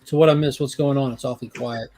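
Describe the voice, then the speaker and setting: A man who makes online videos, chatting in a relaxed, friendly way during a casual video-call hangout. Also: mid-range voice, fast talker, soft background music. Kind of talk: casual online group chat.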